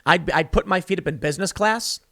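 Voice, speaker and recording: A man's voice: high voice, fairly quick, no echo, studio quality. A man hosting his own show, delivering a sarcastic political commentary monologue. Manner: animated, sarcastic, acts out quoted voices. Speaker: show host.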